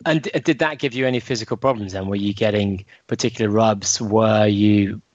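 A man's voice: on the low side, steady tone, a little fast, no echo. A man interviewing a guest, asking curious, teasing questions. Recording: dry, dull lo-fi recording.

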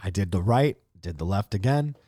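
Here a podcast host in his late twenties speaks in a low, slightly rough voice at normal speed. The clean studio audio has no room sound, and his storytelling is a casual, profane monologue where he animatedly acts out whoever he's quoting.

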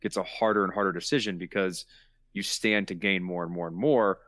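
A man hosting a podcast, talking casually and explaining ideas at length. He stacks up repeated words for emphasis. His voice is on the low side, and it sounds dry and close. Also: fairly even intonation, brisk, fairly bright tone, dry recording. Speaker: podcast host. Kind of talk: casual chat.

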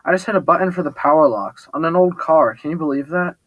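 A cool, tight-lipped companion who keeps his voice flat and quiet. A man reads him in a storybook narration, his voice set a little high for a man, dry and close with no room around it. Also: quick pace, dry recording, dull audio, lightly acted. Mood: flat, guarded. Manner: flat and low-key. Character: guarded, cool-headed male companion speaking flatly.

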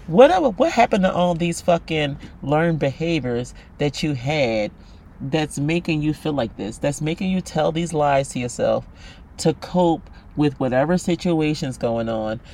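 A man's voice: fairly high pitch, creaky, darkish tone. A man hosting a solo podcast monologue, talking bluntly and passionately, with plenty of swearing and direct address to the listener. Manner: blunt, profane, passionate ranting; emphatic, talks straight at the listener. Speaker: podcast host.

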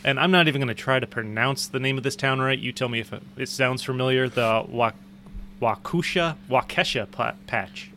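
A man's voice: medium pitch, normal speed, pushed and bright, slight background noise. A man co-hosting a casual podcast, joking, laughing often and reading news articles aloud. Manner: joking, laughs often, stumbles over place names. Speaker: podcast co-host.

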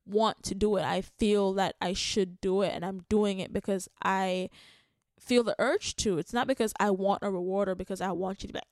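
A woman's voice: mid-range voice, expressive, brisk, creaky, dry recording, studio quality. A young Jamaican woman hosting a podcast alone, talking in a rambling, candid way with lots of swearing and laughs. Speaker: podcast host. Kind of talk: casual solo podcast monologue.

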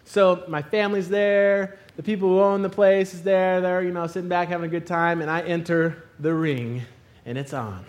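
A man preaching a sermon, telling a funny personal story and acting out the scenes with loud exclamations. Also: high voice, steady tone, normal speed. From Arizona.

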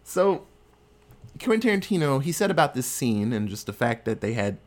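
Walking through a film one scene at a time, this podcast host keeps things loose and animated, tossing in crude jokes. His mid-range voice moves at a moderate pace.

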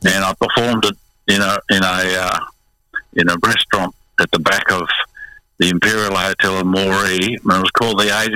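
An older Australian man with a very bright, forceful voice and a lowish pitch, talking over the phone as a guest. He rambles easily through his stories, restarting his sentences, and the sound is dry and close. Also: normal speed, clear, resonant tone, dry recording, low-quality recording. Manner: relaxed, rambling storyteller with restarts. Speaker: guest musician. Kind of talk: phone interview.

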